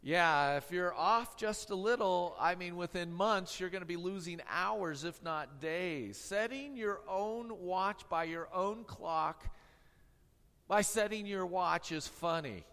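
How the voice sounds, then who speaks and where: Pastor telling jokes in an echoing hall. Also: male voice, high-pitched, a bit bright. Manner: humorous, tongue-in-cheek storytelling. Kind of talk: sermon.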